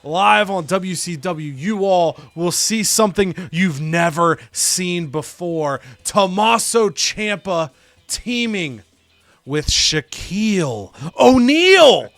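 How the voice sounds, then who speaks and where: A giddy, theatrical male wrestler put on by a man makes a big announcement. He draws each word out slowly with showy drama, higher than a normal voice. The recording is dry and close. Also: expressive, fairly bright tone, dry recording, soft background music, heavily acted. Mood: grandiose. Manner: slow, drawn-out dramatic delivery.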